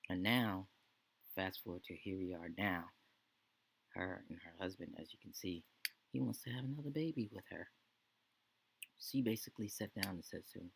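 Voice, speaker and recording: A man's voice: sits low, normal speed, vocal fry, long pauses, a bit bright, breathy edge, poor audio. A man narrating the storyline of his life-sim game let's play, earnest and rambling.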